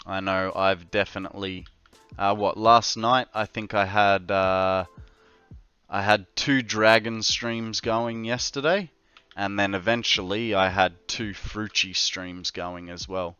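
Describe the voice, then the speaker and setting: A man streaming a building game, chatting casually and slowly to his viewers while he works. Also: lowish voice, fairly even intonation, bright, forceful tone, clear, resonant tone, no echo, dull audio, soft background music. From Australia. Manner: slow, laid-back, talks to chat while working.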